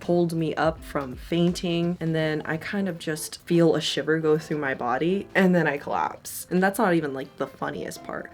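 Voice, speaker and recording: Young woman, low voice, vocal fry, casual storytime, candid, swears a lot, filler-heavy. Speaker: vlogger. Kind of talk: casual storytime while getting ready.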